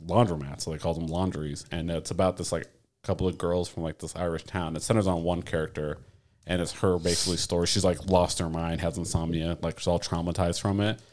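A man co-hosting a podcast, chatting casually with a low voice. He talks quickly, rambling through fillers and cursing freely. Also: level tone, a little mellow. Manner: rambling, filler-heavy, profane. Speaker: podcast co-host. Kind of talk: casual chat.

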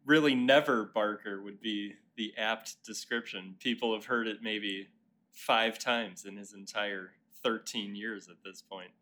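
A man appearing as a guest on a casual podcast, friendly and a little halting as he talks. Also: on the low side, steady tone, bright, forceful tone. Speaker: podcast guest, dog owner. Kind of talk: casual chat.

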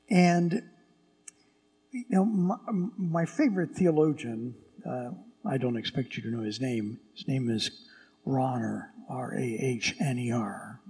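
Slow, gravelly priest in a reverberant church. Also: male voice, medium pitch, warm tone. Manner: slow, conversational preaching with frequent restarts. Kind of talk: homily.

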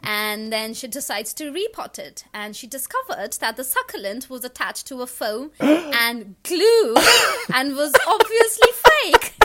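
A woman's voice: high-pitched, very animated, slow pace, a bit bright. A woman co-hosting a casual chat, giving sassy, joking commentary on news stories. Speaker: co-host.

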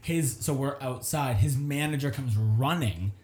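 Unhurried and medium-pitched, this young comedian guest relates a story in relaxed conversation, animatedly performing the voices of its characters. The sound is reverberant.

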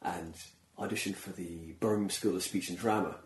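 A man hosting a casual interview, chatty and quick to laugh, acting out little quotes as he tells his stories. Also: low voice, steady tone. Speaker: podcast host. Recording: roomy echo.

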